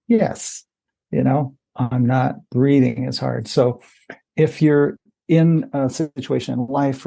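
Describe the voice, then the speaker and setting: A man speaking as a guest on a podcast interview, explaining things in a relaxed, easygoing way with frequent "you know" asides. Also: medium pitch, gravelly, husky. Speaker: podcast guest, running coach. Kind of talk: casual interview talk.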